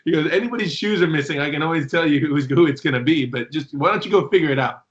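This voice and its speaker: Fast-talking man on dull lo-fi audio. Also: fairly high pitch. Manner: fast, animated storyteller who swears casually. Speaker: interview host and former teammate. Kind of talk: casual conversation.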